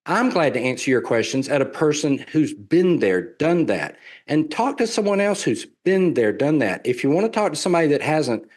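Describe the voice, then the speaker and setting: A man's voice: on the high side, big pitch swings, moderate pace, a little mellow. A man with a Southern US accent giving a sales presentation on real estate investing, folksy and persuasive, repeating his key points.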